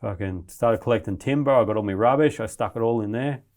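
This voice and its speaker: Man, podcast guest, lowish voice, casual swearing, rambling story. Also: fast talker, darkish tone. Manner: swears constantly, restless retelling of his ordeal.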